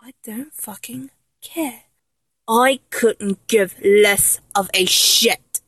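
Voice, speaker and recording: A woman's voice: mid-range voice, slow pace, husky, dry recording, rough recording. A woman playing an unhinged English stalker-fan in whispered role-play. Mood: menacing. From England. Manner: swings between menacing whispers and manic laughter. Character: unhinged obsessive young woman fan, taunting and vengeful.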